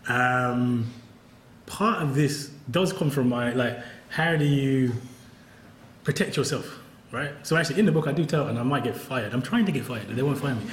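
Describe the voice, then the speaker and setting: At a book event, a male professor chats candidly with a wry edge, laughing frequently, his mid-range voice at a normal speed. The roomy hall acoustics come with slight background noise.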